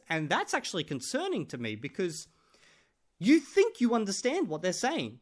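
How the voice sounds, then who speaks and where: A man's voice: sits high, wildly swooping pitch, normal speed. A man talking casually to his viewers in a chatty, joking way. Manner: chatty, jokey, addresses viewers as guys. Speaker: language-learning vlogger. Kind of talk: casual talk to camera.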